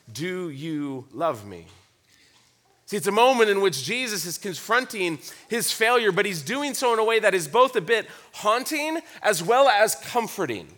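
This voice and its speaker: A man's voice: high voice, pushed and bright. A male pastor preaching a sermon in an earnest, reflective way, often repeating words.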